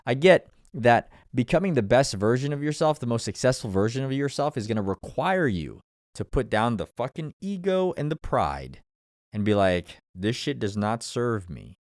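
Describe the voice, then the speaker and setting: A man's voice: medium pitch, very animated, moderate pace, a little mellow, no room sound, studio quality. A man hosting his own show, giving a blunt, profane motivational talk and laughing often. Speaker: podcast host. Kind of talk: motivational monologue.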